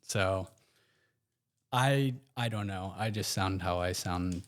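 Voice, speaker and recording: A podcast guest with an American accent and a somewhat low voice tells stories in a relaxed, rambling way, wandering and restarting with many fillers. He fills pauses with loose, easygoing asides.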